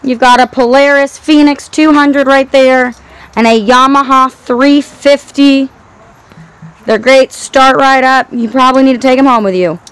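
A woman's voice: high voice, steady tone, a little slow, fairly bright tone, smooth, poor audio. A woman hosting an auction preview, cheerfully listing items as she walks through an outdoor sale yard. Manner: upbeat listing of items, addresses folks. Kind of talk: walkthrough sales pitch.

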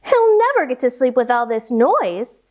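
A mother lioness with a sleeping cub talks in a gentle, motherly storybook voice, read by a woman. Her tone rises and falls in a lively way. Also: high voice, normal speed, dull audio. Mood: worried.

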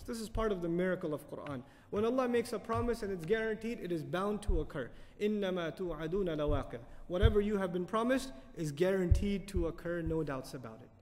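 A man lecturing on Quran commentary, animated, asking the audience questions and reciting Arabic verses quickly. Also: high voice, in a large hall. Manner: animated, asks the audience questions and answers them. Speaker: Quran teacher.

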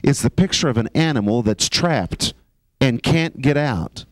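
A man teaching a sermon, reading scripture and explaining words with emphasis, slowing down on key phrases. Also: mid-range voice, lively intonation, dry recording. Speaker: Bible teacher.

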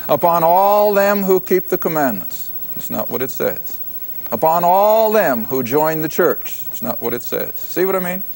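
An older man teaching a Bible lesson to a class, stressing key words slowly so they can write them down. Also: a little high. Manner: emphatic, repeats key words slowly for note-taking. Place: classroom with live audience.

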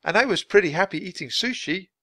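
A man doing a high, eager young girl. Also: fast talker, no room sound. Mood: earnest. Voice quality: high, lively.

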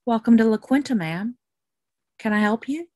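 A man's voice: extremely high pitch, animated, normal speed, darkish tone, dry recording, studio quality, pitched above the performer's own voice. A woman reading a poem aloud, voicing a young man at a hotel desk who talks in an easy, casual way. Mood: breezy. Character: young man hotel clerk, boyish, breezy.

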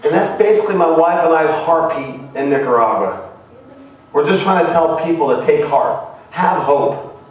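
A missionary from Ohio preaches in a church hall, telling stories earnestly as his voice rises to cries. His voice is fairly high and expressive, at a moderate pace, recorded from far off in a very echoey hall.

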